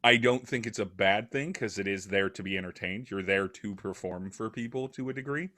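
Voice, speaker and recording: Low-voiced man musing in a podcast chat. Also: fairly quick, pushed and bright. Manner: thoughtful, rambling, many fillers. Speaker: podcast guest. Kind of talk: casual conversation.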